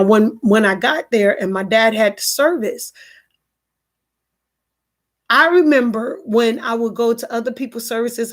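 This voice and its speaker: A woman hosting a live stream from home, telling a personal story to her viewers and reading their comments in an earnest, repetitive way. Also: a little high. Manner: earnest, repetitive, restarts often.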